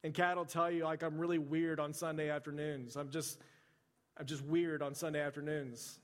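Guy pastor preaching, kinda high voice, chatty asides, long hall echo. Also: level tone, moderate pace. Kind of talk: sermon. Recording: long reverb of a large hall.

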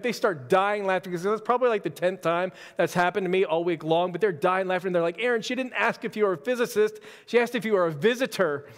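Man preaching in a reverberant hall. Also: sits high. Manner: casual, storytelling, self-deprecating humor. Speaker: pastor. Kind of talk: conversational sermon.

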